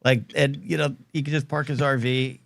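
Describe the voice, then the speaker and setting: A man's voice: mid-range voice, little pitch movement, normal speed, gravelly, no room sound, clean studio sound. A man hosting a call-in show, rambling playfully with lots of fillers and restarts. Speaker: host. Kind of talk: casual call-in show chat.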